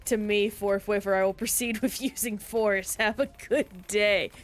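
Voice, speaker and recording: A woman's voice: medium pitch, fairly even intonation, a little slow, close to an everyday voice. A woman putting on the voice of an overly formal, polite robber who courteously demands someone's belongings, in a pompous, stiff manner. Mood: mock-courteous.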